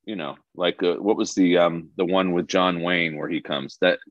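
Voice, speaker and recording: Actor guest, deep and unhurried, rambling, dry lo-fi call sound. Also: male voice, steady tone, no echo. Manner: rambling, searching for words. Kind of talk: casual chat. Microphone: video call. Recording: dull lo-fi call audio.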